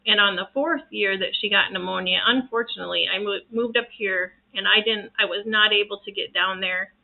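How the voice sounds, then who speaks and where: A woman's voice: mid-range voice, steady tone, brisk, gravelly. Brief: woman, reiki practitioner, casual to-camera chat, earnest and rambling, full of restarts, thin phone-like sound. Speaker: reiki practitioner sharing home remedies.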